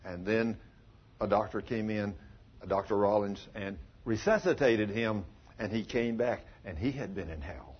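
A man preaching a sermon as a pastor, telling stories in a folksy way with dramatic pauses. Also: fairly low pitch, a little hiss or hum. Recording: dull lo-fi recording.

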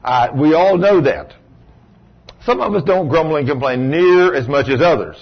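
A man's voice: on the high side, lively intonation, moderate pace, husky, lo-fi sound. A man preaching a folksy sermon as pastor, asking his congregation rhetorical questions.

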